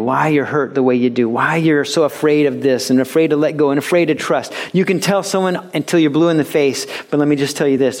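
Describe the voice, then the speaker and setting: A man preaching a sermon as a pastor, animated and joking, sometimes putting on voices for the people he quotes. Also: mid-range voice.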